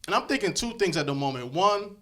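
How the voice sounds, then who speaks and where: Young man, stand-up comedian, conversational, high pitch, bright tone. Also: animated, fast. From Connecticut, USA. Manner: loose, conversational, slips into character voices for quoted people.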